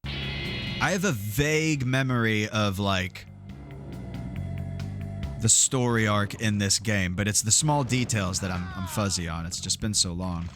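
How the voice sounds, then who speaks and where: A man's voice: lowish voice, a little slow, pauses often. A man doing casual let's-play commentary, chatty, swearing often and laughing. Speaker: streamer playing a game. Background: game music.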